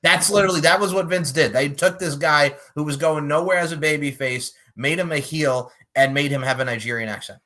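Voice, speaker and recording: A man's voice: on the high side, a little fast, few pauses, sharp tone. A man with a New York accent hosting a podcast, chatting casually with frequent laughs and swearing. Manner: laid-back, profane, laughs often. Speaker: podcast host.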